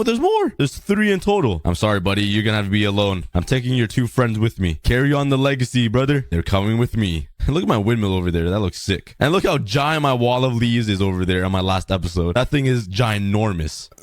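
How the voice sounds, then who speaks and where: A man with a sore, hoarse throat giving excitable gameplay commentary, breaking into sudden high yelps. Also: dry recording, clean studio sound. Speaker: gaming YouTuber.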